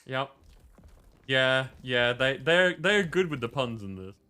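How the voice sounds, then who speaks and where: A man's voice: medium pitch, animated, slow pace, pushed and bright, clean tone. A male streamer chatting casually over gameplay, joking and greeting viewers in chat by name.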